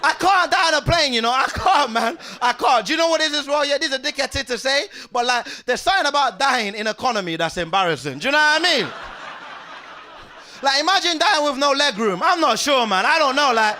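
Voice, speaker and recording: A young man doing an animated stand-up comedy set, loud and laughing and full of slang, on a comedy club stage. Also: extremely high pitch, brisk. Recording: live club with faint room noise.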